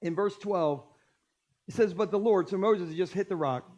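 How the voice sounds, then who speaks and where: Male pastor, higher-pitched voice, animated sermon with humor, church setting. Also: normal speed, highs cut off. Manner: animated, jokey storytelling. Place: church stage.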